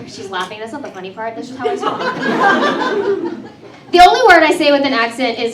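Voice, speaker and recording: A woman's voice: high voice, very animated, moderate pace, pauses often, reverberant, recorded from a distance, heavy background noise. A woman in her thirties from Texas, hosting a stand-up comedy show and riffing with the crowd in a chatty, self-mocking way. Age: 30s. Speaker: comedy host.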